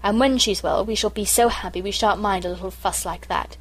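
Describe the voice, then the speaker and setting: A woman's voice: mid-range voice, a little fast, lightly acted. A woman voicing a cheerful, sensible older girl who reassures her siblings. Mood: reassuring.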